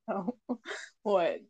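Give me a woman with a fairly high voice chatting on a podcast, full of self-deprecating jokes and sudden loud outbursts, recorded on a very dry mic with no room sound. She should sound casual and playful. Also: husky, no room sound, dull audio. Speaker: podcast co-host. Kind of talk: casual comedic chat.

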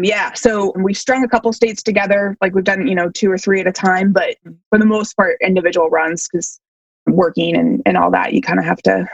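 A woman's voice: on the low side, gravelly, husky, dry recording, muffled recording. Chatty self-deprecating woman runner. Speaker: long-distance runner guest. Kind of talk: casual interview chat.

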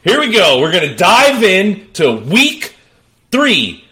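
A man hosting a sports talk podcast, hyped and theatrical, breaking into shouts. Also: sits high, sing-song, unhurried. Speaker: podcast host.

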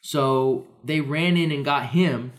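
A man's voice: mid-range voice, slow. A young man casually telling a funny story on a podcast, laughing often and acting out voices. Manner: laughs often, acts out voices in his stories. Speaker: podcast co-host.

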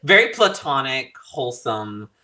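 A man hosting a podcast in casual chat, halting and searching for words with many "like" fillers. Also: medium pitch, big pitch swings, bright, forceful tone. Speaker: podcast host.

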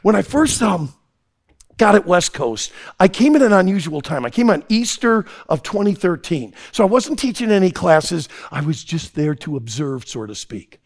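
A man preaching an impassioned sermon to young people, swinging from hushed tones to shouting. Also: high voice, sing-song, moderate pace. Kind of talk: sermon to a youth audience.

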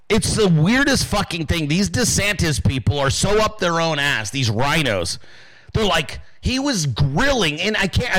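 Male podcast host, bright forceful voice, higher than most men, swearing, ranting commentary. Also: low-quality recording. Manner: profane, animated ranting; addresses listeners as dude and guys. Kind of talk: casual political commentary.

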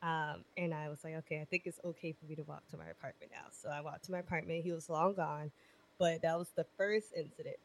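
A woman in her twenties telling a story in casual chat, animated and profane, acting out the people in it. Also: low-pitched, fast. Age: 20s. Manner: animated, profane, acts out voices in her stories.

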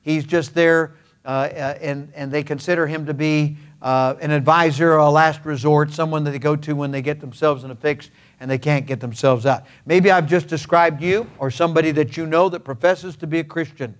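A man's voice: a little high, steady tone, moderate pace, clean tone. A man preaching a sermon as pastor, in a folksy, conversational way with homespun examples and playful sound words. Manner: frequent hesitant fillers and restarts.

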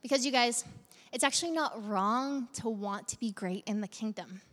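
Woman pastor, sermon, fairly high voice, chatty and direct, echoing hall. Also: moderate pace, fairly bright tone. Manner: conversational, engaging congregation with direct questions.

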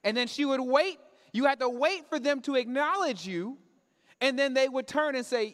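High-voiced pastor in a reverberant church. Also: male voice, brisk, a bit bright. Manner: conversational preaching with call-and-response questions. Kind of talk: sermon. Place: church sanctuary.

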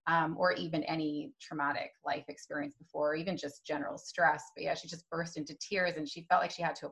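Woman host, lowish voice, chatty, lots of fillers, casual interview. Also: a bit bright. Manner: chatty, many ums and you-knows. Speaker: podcast host interviewing a chiropractor.

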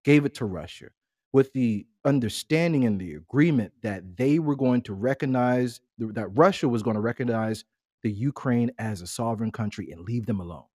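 A man's voice: medium pitch, normal speed, darkish tone, no echo. Laid-back man with a dry close sound. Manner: laid-back, rambling, laughs often. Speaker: podcast co-host. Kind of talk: casual family podcast chat.

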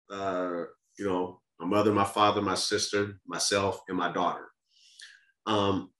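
A man's voice: on the low side, fairly bright tone. A man speaking as a podcast guest, telling a candid personal family story in an earnest, casual way, often restarting and repeating words. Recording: roomy echo.

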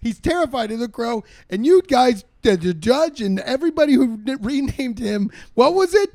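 A man's voice: extremely high pitch, very animated, normal speed, a little mellow, no echo, studio quality, exaggerated voice. A man playing a giggly, crude troublemaker in witness protection in an improvised comedy sketch. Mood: excited. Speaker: podcast host.

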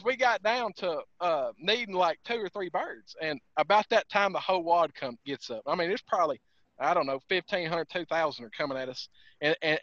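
Guy telling a duck hunt story from his truck, high bright voice, dull dry call audio. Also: no room sound. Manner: animated, drawling hunting storyteller. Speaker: duck hunting guide, podcast guest. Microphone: phone or laptop call over weak internet.

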